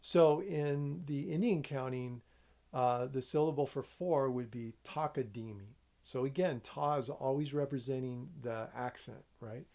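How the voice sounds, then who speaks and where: A man with a gravelly edge to his voice teaches a rhythm lesson at an easy pace. He walks his students through each step and counts out loud, stopping often to check that they follow. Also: mid-range voice, a little slow. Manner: relaxed, explains step by step, checks in with "okay?". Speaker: music teacher.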